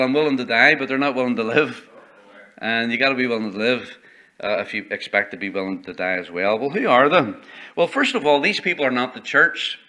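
A man's voice: medium pitch, sharp tone. A male pastor preaching a sermon in a church, reading scripture aloud and building emphasis as he goes. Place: church sanctuary.

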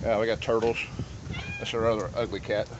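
Holding a phone outdoors in his house yard and street, a man vlogs the storm damage at his home, swearing a lot and boasting in slangy, casual talk. His voice is on the low side, flat, and fairly quick, captured as lo-fi phone audio with outdoor noise.

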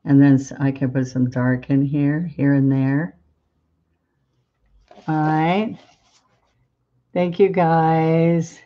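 A woman chatting warmly with viewers while she demonstrates painting in a live-streamed lesson. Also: low voice, fairly even intonation, takes it slowly, long pauses, highs cut off. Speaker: painting instructor.

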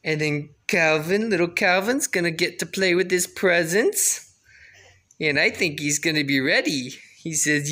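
A father gently coaxing his baby in a home video, sometimes turning playfully dramatic. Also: on the high side, measured pace.

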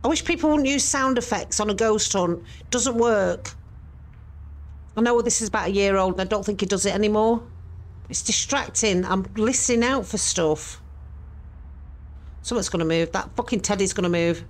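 A woman's voice: medium pitch, moderate pace. A woman reacting to a ghost hunt video, jittery, exclaiming and swearing, rambling when nervous.

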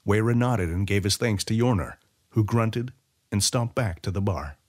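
A man narrating a fantasy short story as an audiobook reader, in an expressive storytelling way. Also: fairly low pitch, moderate pace.

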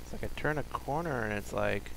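A man streaming a video game live, talking to himself as he plays and breaking into loud, frustrated, swearing outbursts. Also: mid-range voice, animated, brisk, background noise. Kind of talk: live gameplay commentary.

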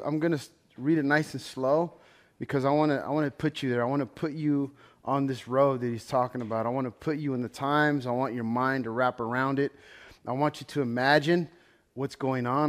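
Casual preaching man. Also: medium pitch. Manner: conversational, explains with everyday examples and asides. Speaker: pastor. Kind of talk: Bible study teaching.

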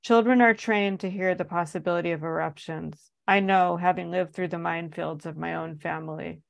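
Gravelly low-voiced woman reading her memoir. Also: fairly even intonation, normal speed, no room sound. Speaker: author reading her own work.

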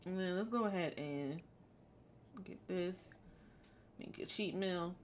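A woman's voice: on the low side, slow pace, a little hiss or hum. A woman streaming a life-sim game, chatting casually in playful slang and bossing around her characters. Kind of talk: casual gameplay commentary.

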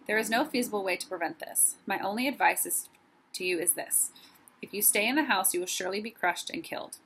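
A woman voicing a wise old male owl who speaks in a measured, formal way while reading a storybook aloud. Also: mid-range voice, a bit bright, slight background noise, lightly acted. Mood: grave.

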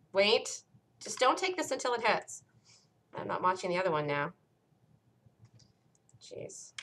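A woman hosting a live day-trading room, calling out entries and stops in an urgent, rapid-fire way, her voice worn and close to giving out. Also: medium pitch, pushed and bright. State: losing her voice. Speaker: day-trading show host.

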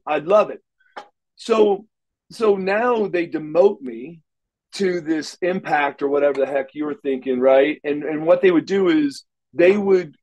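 A man's voice: on the high side, darkish tone, lo-fi sound. A middle-aged man, an interview guest, telling stories casually and animatedly, acting out the dialogue with frequent restarts. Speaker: interview guest, former wrestler.

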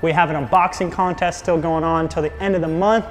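A young man hosting a product vlog from a workshop, with an upbeat sales pitch. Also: fairly even intonation, brisk. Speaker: host of a scooter shop channel. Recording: reverberant room, faint music.

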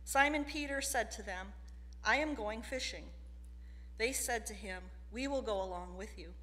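A woman reads a gospel passage aloud in a steady, formal way, her voice bright and clear. The sound carries the long reverb of a church sanctuary. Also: fairly high pitch, normal speed. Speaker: lay reader. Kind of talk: scripture reading in a church service.

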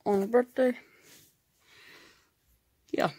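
A man's voice: extremely high pitch, fairly even intonation, drawn-out words, warm tone, breathy edge. A young man with a light Southern US accent, rambling through a casual home vlog on a handheld camera, full of "like" fillers. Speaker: vlogger. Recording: noisy home video.

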